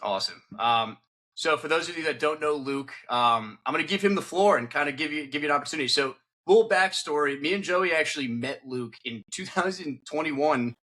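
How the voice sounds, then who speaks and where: A man's voice: fairly high pitch, fairly quick, bright, forceful tone. A young man hosting a podcast, loose and swearing in casual chat. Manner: loose, swearing, enthusiastic host. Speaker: podcast host.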